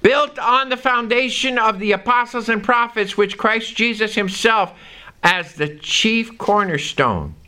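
A man preaches to a congregation, reading scripture aloud and drawing out key words with emphasis. His high voice is bright, forceful and smooth.

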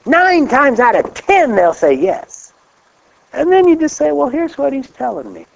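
A man preaching a sermon in a folksy, animated way, laughing often and rising on exclamations. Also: extremely high pitch, measured pace, creaky. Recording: dull lo-fi recording.

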